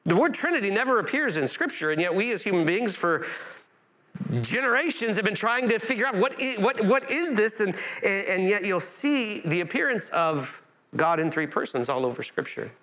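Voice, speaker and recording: A man with a slightly high voice delivers a conversational sermon as a pastor. He often restarts his phrases, and his voice climbs when he reads Scripture aloud. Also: expressive, normal speed, bright, forceful tone. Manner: conversational preaching with frequent restarts, voice rising when quoting Scripture.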